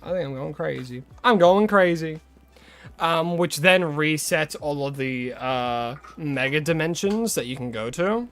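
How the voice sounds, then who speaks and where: A man's voice: on the high side, animated, unhurried, fairly bright tone, faint music behind. A young Australian man chatting casually with his viewers as a game streamer, greeting them and rambling between tips. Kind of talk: casual live-stream chat.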